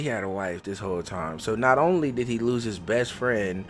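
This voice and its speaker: A man with a lowish voice talks through a game in casual let's play style, rambling and thinking out loud. He reacts with open emotion, and faint game music sits underneath. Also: expressive, normal speed. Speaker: gaming host.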